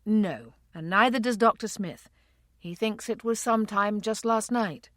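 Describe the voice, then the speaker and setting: A woman reading the part of a calm, protective husband in an audiobook, speaking steadily and reassuringly. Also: mid-range voice, measured pace, no echo, clean studio sound, close to an everyday voice.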